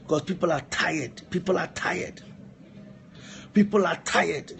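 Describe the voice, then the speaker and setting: High-voiced emphatic male preacher. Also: unhurried, creaky, a bit bright, a little hiss or hum. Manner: repetitive, emphatic exhortation, asides to helpers. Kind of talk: live-streamed sermon.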